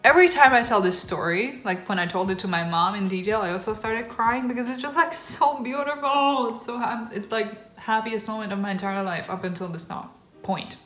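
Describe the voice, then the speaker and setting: A woman's voice: mid-range voice, a little fast, soft background music. A young woman vlogger telling a personal story in a casual, gushing way, emotional and near tears, with lots of fillers. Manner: gushing, tearful excitement, filler-heavy. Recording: roomy echo.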